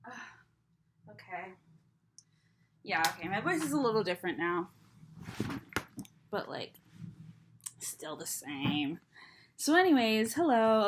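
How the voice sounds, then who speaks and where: A woman's voice: medium pitch, very animated, takes it slowly, pauses often, background noise. A young adult woman chatting casually to camera, rambling and self-deprecating, with a slight lisp from braces. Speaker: vlogger.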